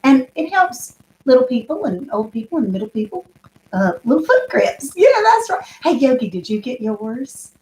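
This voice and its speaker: A woman's voice: on the high side, sing-song, normal speed, mellow. A woman hosting a casual homestead livestream, chatting and greeting viewers by name. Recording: echoey room.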